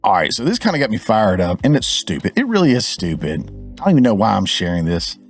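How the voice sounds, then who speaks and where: Lively man ranting. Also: fairly low pitch, fast talker, soft background music. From Georgia, US. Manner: animated, fired-up, talks to viewers directly. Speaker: show host. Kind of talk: ranting commentary.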